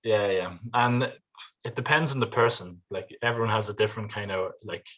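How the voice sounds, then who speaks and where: An Irish man chatting casually as a podcast guest, animated and laughing often. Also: lowish voice, brisk, highs cut off. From Ireland.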